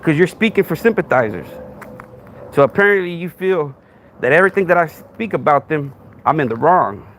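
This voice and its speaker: A podcast host with a Texan accent, confronting a commenter on a live stream and asking one rhetorical question after another. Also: male voice, fairly high pitch, lively intonation, moderate pace, a little hiss or hum.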